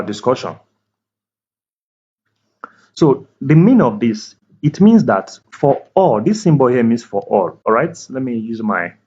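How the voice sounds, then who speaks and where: A man tutoring math at a board, speaking slowly and deliberately, repeating key words and checking that the viewer is following. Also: medium pitch. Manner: slow, deliberate, repeats key words, asks "can you see that?". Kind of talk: whiteboard math lecture. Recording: dull lo-fi recording.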